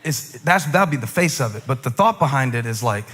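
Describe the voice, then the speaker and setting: A man preaching a conversational sermon as a pastor, chatty and self-deprecating, building to shouted emphasis. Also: medium pitch, expressive, a little fast, hardly any pauses, breathy edge.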